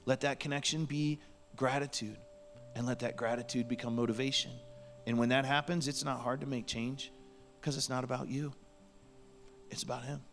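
A man's voice: mid-range voice, fairly even intonation, moderate pace, a bit bright, faint music behind. A man preaching a sermon in a church, earnest and pleading, sometimes dropping to a near whisper. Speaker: pastor. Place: church sanctuary.

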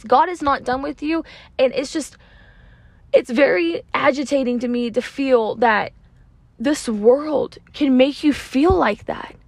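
A woman hosts a podcast alone, speaking raw and from the heart, full of fillers and the odd curse. Her voice sits a bit high with a gravelly fry, and the recording is dry and close with no room sound. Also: no echo. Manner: raw, emotional, sprinkled with swearing and "like". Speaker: podcast host. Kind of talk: unscripted heartfelt podcast monologue.

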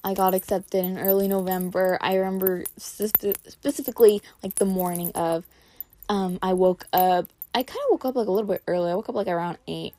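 A young adult woman, an incoming college student, tells a personal story in a casual vlog, chatty and packed with "like" fillers. Her medium-pitched voice is steady, mellow, and a little fast.

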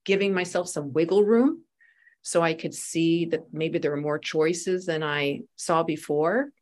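A woman's voice: sits low, measured pace. A woman guest on a podcast, a spiritual teacher and life coach, telling personal stories in conversation and acting out the voices she quotes. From United States. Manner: animated storyteller, acts out quoted voices.

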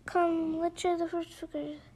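A woman's voice: very high voice, flat delivery, a little slow. Mock Turtle, a weepy sea creature, read by a woman. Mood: sorrowful. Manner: mournful, sighing, sometimes hushed. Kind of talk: storybook read-aloud.

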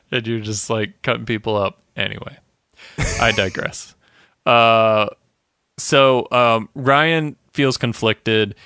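A man's voice: fairly low pitch, fairly even intonation, slow, long pauses, bright, forceful tone, clean tone, dry recording, clean studio sound. A man co-hosting a podcast, casually recapping a TV episode, laid-back and laughing often as he acts out the characters' lines. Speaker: podcast co-host.

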